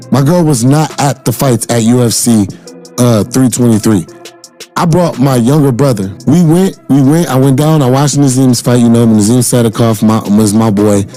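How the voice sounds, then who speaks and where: Mellow-voiced man telling a story. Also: mid-range voice. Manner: animated retelling, quotes others in dialogue. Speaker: speaker defending himself over a dispute. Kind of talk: casual storytelling, recounting an incident.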